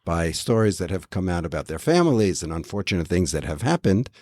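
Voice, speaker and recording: A man in his seventies from the United States, a guest telling stories in a measured, reflective way with dry humor. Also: sits low, big pitch swings, darkish tone, dry recording. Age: 70s. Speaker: guest, diamond company head. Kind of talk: casual interview talk.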